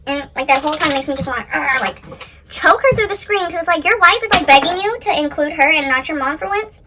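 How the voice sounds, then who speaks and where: A woman chatting casually while doing her makeup, retelling a reality show with lively acted quotes. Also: high-pitched, fast, a little hiss or hum. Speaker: beauty vlogger. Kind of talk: casual get-ready-with-me chat.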